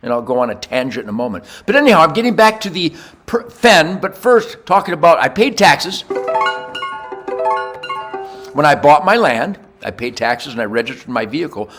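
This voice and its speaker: An older man hosting a podcast, ranting in a rambling monologue with crude jokes, swinging from low mutters to loud shouts. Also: husky. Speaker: podcast host.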